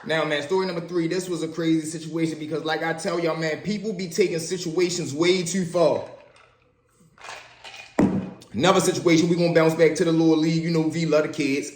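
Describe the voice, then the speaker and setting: A man telling stories from his own life in a casual, animated way, acting out the voices of the people in them. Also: on the high side, a little fast, echoey room, background noise. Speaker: storyteller. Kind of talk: casual spoken storytelling.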